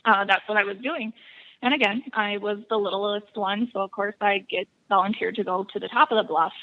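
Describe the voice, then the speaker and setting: A woman from Wisconsin tells stories as a podcast guest, laughing easily between anecdotes. Her voice has a gravelly, fry-tinged edge at a medium pitch. The recording sounds muffled and lo-fi. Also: brisk. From Buffalo County, Wisconsin. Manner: laughs often, lively storyteller. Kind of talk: casual interview storytelling.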